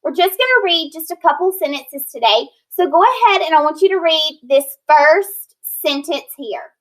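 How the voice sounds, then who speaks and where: A woman teaches phonics in a recorded lesson, breaking words into syllables and sounding them out slowly for her students. Her voice sits high and sounds bright. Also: expressive, rough recording. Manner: slow, clear modeling of word sounds with praise and prompts.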